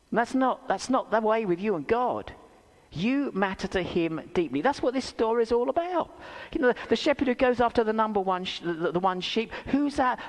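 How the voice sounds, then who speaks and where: Animated, high-voiced preacher in echoing hall. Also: male voice. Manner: animated storytelling with rhetorical questions; self-deprecating humour. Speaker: pastor. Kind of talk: sermon. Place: church hall. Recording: reverberant church hall.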